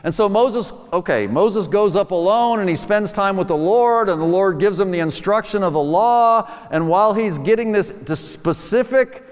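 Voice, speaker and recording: Male preacher, high voice, chatty sermon style with lots of rhetorical questions, long hall echo.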